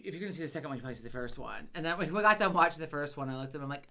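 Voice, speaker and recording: A woman with a New England accent, co-hosting a casual chat podcast, rambling with quick asides and casual swearing. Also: sits low, lively intonation, sharp tone. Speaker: podcast co-host.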